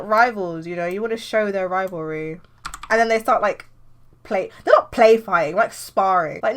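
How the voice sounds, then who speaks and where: A woman's voice: mid-range voice, fairly bright tone. A young woman comic artist, chatting loosely through her page planning and filling her talk with "like". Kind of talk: casual tutorial vlog.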